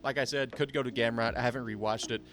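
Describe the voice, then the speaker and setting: A man's voice: medium pitch, steady tone, quick pace, fairly bright tone. A young man giving a casual, blunt and profane breakdown of fight results, full of strong opinions. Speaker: MMA commentator.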